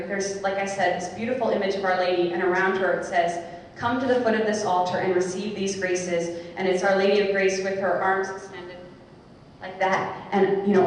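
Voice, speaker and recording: A woman's voice: mid-range voice, slight background noise. Woman telling her story in an echoey hall. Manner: animated storyteller, acts out quoted voices. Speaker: Dominican sister telling her conversion story. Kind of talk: personal testimony talk. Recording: echoey hall, far from the mic.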